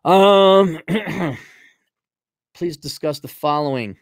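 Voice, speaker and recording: A man's voice: fairly high pitch, extremely slow, no echo. Blunt, rambling man on a dry mic. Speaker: livestream host. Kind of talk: casual opinionated monologue.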